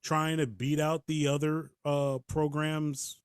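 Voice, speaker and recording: A man co-hosting a casual podcast about wrestling, talking in a lively way, laughing and acting out quotes. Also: fairly high pitch, takes it slowly, clean tone, dry recording, clean studio sound. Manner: animated, laughs, acts out quotes. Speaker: podcast co-host. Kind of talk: casual chat.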